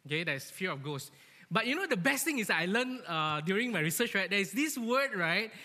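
High, bright-voiced man preaching with laughs. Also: moderate pace. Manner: animated, laughing, often asks "right?". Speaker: church speaker. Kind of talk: lively sermon with jokes. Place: church hall. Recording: echoey church hall.

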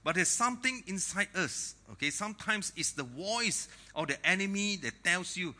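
A man preaching a sermon to a congregation, lively and joking, laughing at his own asides. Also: a little high, normal speed. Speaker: pastor.

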